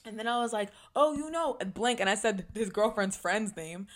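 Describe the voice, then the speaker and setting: Young woman, podcast co-host, bright forceful tone, animated and profane storyteller. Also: medium pitch, a little fast. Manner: animated, swearing, dramatic storyteller. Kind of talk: casual storytelling chat.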